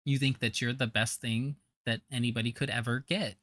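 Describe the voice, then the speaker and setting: A man's voice: mid-range voice, steady tone, brisk, a bit bright, no room sound. A man giving blunt, scornful reaction commentary, with a trained singer's voice.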